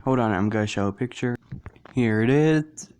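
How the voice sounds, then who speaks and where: A man's voice: mid-range voice, moderate pace, a little mellow, clean tone. A man casually narrating a fan story, rambling and correcting himself as he goes.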